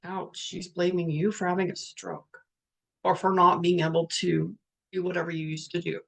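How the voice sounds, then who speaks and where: A woman's voice: fairly low pitch, little pitch movement, moderate pace, gravelly, fairly bright tone. A middle-aged woman leading a reflective spiritual talk, speaking candidly and earnestly, sometimes swearing. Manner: candid, earnest, swears, reads out participants' messages. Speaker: workshop facilitator.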